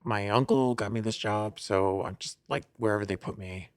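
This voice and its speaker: A man's voice: lowish voice, moderate pace, dry recording, lightly acted. A man playing a nervous young male dwarf on his first day at work, stammering and flustered. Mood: unsure. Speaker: player. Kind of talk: tabletop role-play.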